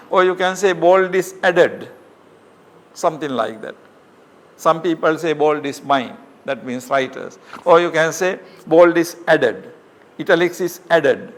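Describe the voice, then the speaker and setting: Male professor, slightly raised pitch, patient step-by-step lecturing with frequent fillers. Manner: explains step by step with many fillers and rhetorical questions. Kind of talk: academic lecture.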